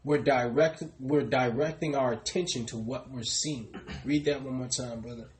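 A man's voice: mid-range voice, fairly even intonation, normal speed, rough recording. A man preaching a sermon, repeatedly addressing his listeners as brothers and sisters and calling on a reader to repeat verses.

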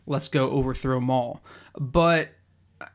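A man co-hosting a podcast in casual chat, retelling scenes in an animated, excitable way. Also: mid-range voice, slow pace. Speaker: podcast co-host.

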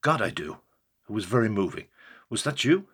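A man's voice: on the low side, sing-song, moderate pace, fairly bright tone, husky, heavily acted. A man voicing a fiery, mocking older male actor who holds forth in a roaring, emphatic way. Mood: moved.

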